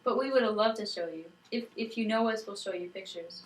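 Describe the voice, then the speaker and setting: A woman's voice: mid-range voice, a little fast. A woman chatting casually about a trip on a home video, finishing her partner's sentences. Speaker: traveler recounting a trip. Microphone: camcorder mic. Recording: roomy home camcorder audio from a distance.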